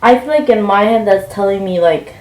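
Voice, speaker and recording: A woman's voice: mid-range voice, fairly quick, darkish tone. Chatty young woman, roomy sound. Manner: chatty, rambling with many fillers and "like". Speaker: vlogger. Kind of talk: casual storytime while packing. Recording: roomy, mic a bit far off.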